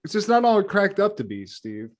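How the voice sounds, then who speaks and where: Man, podcast co-host, slightly higher voice, loose and profane, laughs a lot while he recaps. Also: big pitch swings, fairly quick. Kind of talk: casual chat recapping a cartoon episode.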